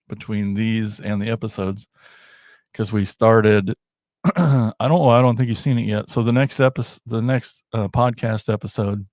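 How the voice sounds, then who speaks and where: A man's voice: fairly low pitch, a little mellow, no echo, clean studio sound. A middle-aged man hosting a casual toy unboxing livestream, rambling and joking at his own expense. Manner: rambling, self-deprecating, jokey. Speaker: toy podcast host.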